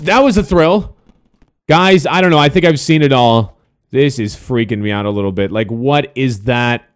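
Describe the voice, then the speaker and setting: A man hosting a gaming video, giving live commentary with excitable, swearing outbursts and jokey asides to viewers. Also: mid-range voice, normal speed, clear, resonant tone.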